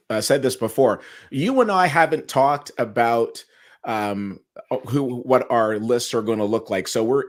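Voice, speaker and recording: A man hosting a casual awards-preview talk show, steering the chat and reading out the nominees. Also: medium pitch. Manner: conversational, steers the segment and reads out nominees. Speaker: show host.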